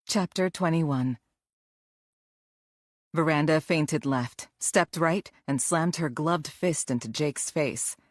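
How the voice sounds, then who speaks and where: Woman, audiobook narration, measured and even, low voice, dry close sound. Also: no room sound.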